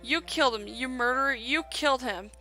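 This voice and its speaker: A woman's voice: on the high side, moderate pace, creaky, bright, forceful tone, faint music behind. A woman reading as a furious grieving commander. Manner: accusing, then stiff and formal.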